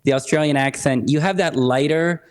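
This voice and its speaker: A man's voice: fairly high pitch, normal speed. A man from California, talking in a chatty, light-hearted way as a guest on a podcast interview. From California, United States.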